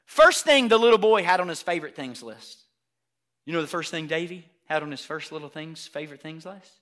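A man preaching a sermon emphatically and loudly, repeating words for emphasis. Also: on the high side, expressive, brisk. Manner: emphatic, loud, repetitive preaching.

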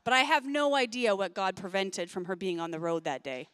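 A woman in her forties giving a sermon built around a personal story, chatty, often laughing and quick with asides. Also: medium pitch, animated, a bit bright, smooth, dry recording. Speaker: pastor.

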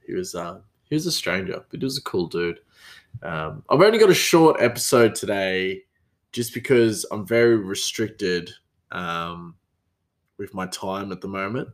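A man hosting a podcast, with a fairly low voice. He rambles through his stories with lots of restarts and "you know"s, in a loose, casual way. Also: expressive, a little slow. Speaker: podcast host. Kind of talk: casual storytelling monologue.

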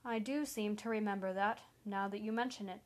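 A cold, mocking male killer, smug and taunting in every word, as a woman narrator reads him. He talks at a medium pitch, calm and menacing. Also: a little fast, close to an everyday voice.

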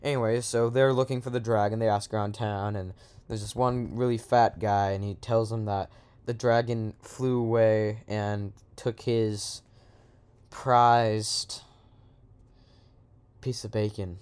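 A man's voice: fairly low pitch, steady tone, measured pace, darkish tone, smooth. A man improvising a silly comic story in a rambling, slangy way, with lots of asides.

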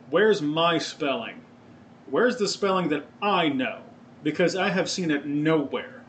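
A man with a fairly high, fairly bright voice hosts his own podcast, chatting casually in a rambling, profane way and often correcting himself. There's slight background noise, and he uses a webcam or desk mic visible on video.

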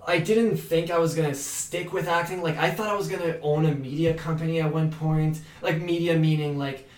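A man's voice: on the high side, fairly even intonation, fairly quick, a little mellow, recorded from a distance. A young man, a guest actor, rambling casually with many restarts and "like"s. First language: French. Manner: rambling, stammering restarts, frequent "like". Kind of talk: casual interview chat. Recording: roomy echo.

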